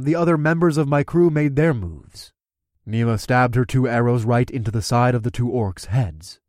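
A man's voice: medium pitch, moderate pace, a little mellow, dry recording, studio quality. A man giving wry, first-person audiobook narration.

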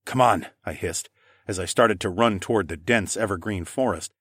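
A man narrating a first-person story in a steady, even reading voice. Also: low voice, moderate pace, slightly rough, dry recording, clean studio sound.

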